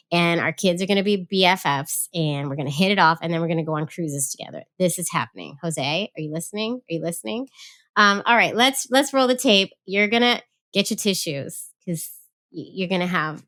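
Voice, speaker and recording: A woman hosting a podcast in a casual, playful way, joking at her own expense and chatting warmly with her guest. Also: on the low side. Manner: playful, self-mocking, chatty. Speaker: podcast host.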